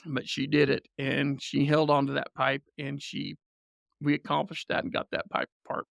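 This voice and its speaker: A man telling a lively family story as a podcast guest, often laughing and acting out what people said. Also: mid-range voice, moderate pace, vocal fry, no echo, studio quality. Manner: animated storyteller, laughs often, acts out quotes. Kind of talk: casual storytelling.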